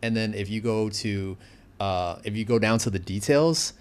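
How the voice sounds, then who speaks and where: Chatty, animated man, fairly low voice. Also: moderate pace, smooth. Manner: animated, chatty, uses many fillers. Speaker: guest. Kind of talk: casual interview chat.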